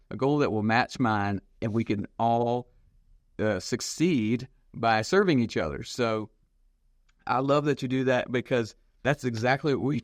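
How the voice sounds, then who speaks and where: An enthusiastic man hosting a podcast, talking in an emphatic and encouraging way. His voice sits at a medium pitch, and the recording is dry and close. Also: dry recording. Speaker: podcast host. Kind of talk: casual interview talk.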